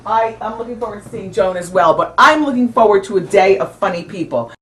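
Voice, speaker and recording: A woman's voice: mid-range voice, lively intonation, a little fast, a bit bright. A middle-aged woman hosting a talk show, chatting candidly and rambling, her talk full of "you know" and "like". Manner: candid, dramatic storytelling. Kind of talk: casual after-show chat.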